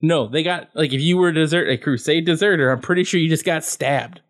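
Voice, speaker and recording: A man's voice: on the high side, fairly quick. A man co-hosting a podcast, recapping a movie in casual, sarcastic, profane chat and laughing often. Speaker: podcast co-host.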